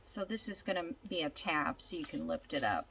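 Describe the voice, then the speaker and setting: A woman's voice: low voice, sing-song, normal speed, fairly bright tone, a little hiss or hum, low-quality recording. An older woman chatting casually as she works on a craft project, thinking aloud and telling a long, rambling story. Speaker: junk journal crafter.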